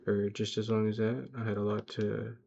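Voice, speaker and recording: A man's voice: fairly low pitch, monotone, moderate pace, vocal fry, a little mellow, husky. A young man rambling through a casual, profane, self-hyping motivational monologue for his vlog, talking to himself in a car. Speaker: vlogger. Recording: dull lo-fi sound.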